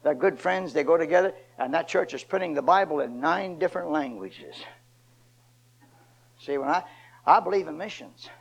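An older man preaching a sermon, originally from Ohio, swinging from loud emphatic lines to low quiet asides. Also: moderate pace, vocal fry, rough recording. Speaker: pastor.

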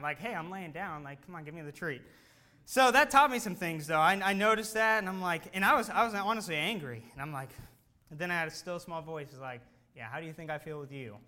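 A man preaching in a high, bright voice with a sharp edge to it. He tells his story in a plain conversational way, then presses his listeners hard with earnest urgency. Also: clean tone. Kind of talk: sermon.

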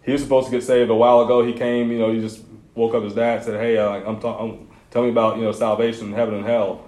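A man's voice: mid-range voice, flat delivery, fast talker, a little mellow. A man preaching to a youth group, casual and conversational, telling personal stories with slangy asides. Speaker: youth pastor. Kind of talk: sermon. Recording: echoey room.

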